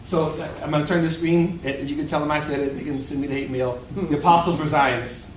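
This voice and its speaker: A man preaching a sermon at a luncheon, with animated, rhetorical call-and-response delivery. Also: fairly high pitch, fast, slight background noise. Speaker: pastor. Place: event hall. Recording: echoey room, voice from far off.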